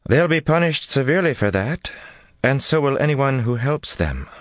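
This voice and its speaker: A man's voice: mid-range voice, animated, moderate pace, no echo, studio quality, voice pushed up, lightly acted. A man reading an audiobook, voicing a cold, haughty sorceress who speaks in a smug, condescending way.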